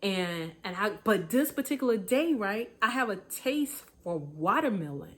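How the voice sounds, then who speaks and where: A woman preaches about choices in an emphatic, colloquial way. She circles back and repeats her points, and she breaks into small chuckles. Her voice sits at an ordinary middle pitch. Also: expressive, unhurried, a bit bright. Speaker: motivational speaker. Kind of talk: motivational preaching.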